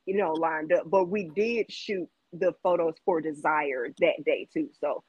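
A woman's voice: deep voice, measured pace, a little mellow, breathy edge, dull audio. A Southern-accented woman singer talks in a chatty, upbeat way, full of "um" and "like". The sound is dry and close, with no room echo around her voice. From Jackson, Mississippi. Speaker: guest singer in an R&B group. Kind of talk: casual interview chat.

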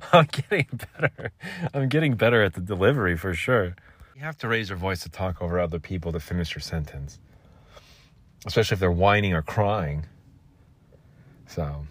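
Low-voiced guy in his 30s telling a rambly story, jokes at himself, dry close mic. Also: dry recording. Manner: rambling, self-mocking, casual swearing. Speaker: podcast host.

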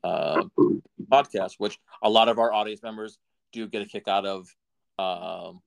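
A man's voice: on the low side, steady tone, a little slow, creaky. A man hosting a podcast in casual chat, dry and wry, leaning on fillers as he introduces a segment. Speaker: podcast host.

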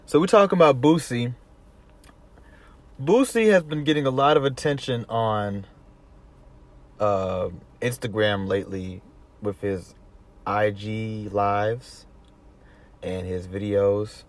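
A man's voice: lowish voice, slow pace, long pauses. A man from the Southern US with a Southern accent, giving rambling, profane casual commentary full of restarts. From Southern US, Atlanta. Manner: rambling, profane, many restarts, laughs easily. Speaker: commentary vlogger.

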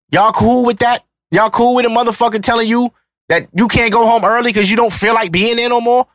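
High-voiced man ranting heatedly. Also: steady tone, brisk, a bit bright, dry recording. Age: 30s. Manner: profane, heated, emphatic ranting. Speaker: podcast host. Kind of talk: ranting podcast monologue.

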